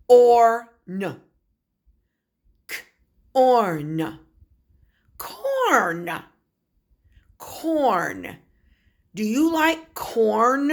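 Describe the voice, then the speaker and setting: A woman's voice: on the high side, fairly bright tone. Sing-song woman teaching small children. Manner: slow, sing-song, sounds out letters and words for small children. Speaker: kindergarten teacher. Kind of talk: recorded online phonics lesson for young children.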